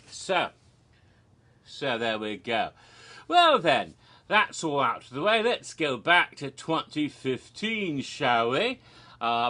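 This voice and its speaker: A middle-aged man hosts his vlog in a playful, theatrical manner and keeps poking fun at himself. His voice runs slightly high and swings widely in pitch. He often lingers over his words. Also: pushed and bright. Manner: playful, theatrical, self-mocking. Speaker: host of a theme park history channel. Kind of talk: casual vlog talk.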